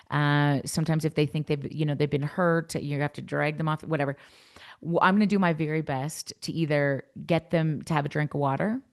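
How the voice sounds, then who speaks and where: A woman coach giving a workshop talk to coaches and parents in a frank, blunt, energetic way. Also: sits low. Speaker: youth coach and workshop presenter.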